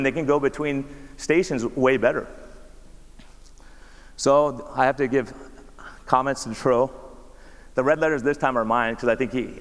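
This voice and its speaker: A man gives a slide talk to an audience in a lecture hall, his voice ringing with a long reverb. His pitch is middling for a man. He keeps it conversational, peppering the talk with rhetorical questions. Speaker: doctor giving a talk. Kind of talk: conference presentation with slides.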